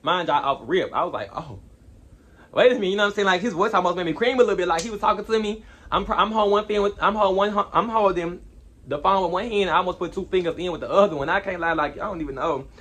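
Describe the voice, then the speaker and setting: A young man telling a storytime vlog in an animated, slangy way, rambling with asides. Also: high-pitched, very fast. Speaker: vlogger.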